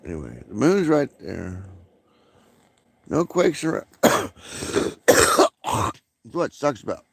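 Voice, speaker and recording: A man's voice: medium pitch, huge pitch swings, slow, vocal fry, a little hiss or hum. A man rambling profanely during a late-night livestream, with many fillers, smoking and coughing.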